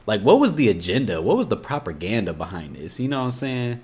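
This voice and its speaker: A young man with an Indiana accent reacting to videos with casual, animated and exasperated commentary, often saying "you know what I'm saying". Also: mid-range voice, fast, husky.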